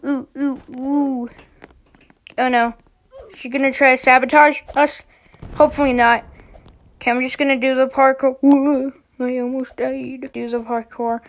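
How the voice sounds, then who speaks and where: A woman giving casual gameplay commentary, excitable, often shrieking and giggling as she plays. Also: sits high.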